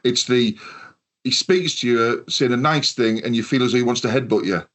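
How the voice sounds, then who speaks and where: A man's voice: mid-range voice, normal speed, a bit bright. British man, podcast host, rambling, swears a lot, casual chat.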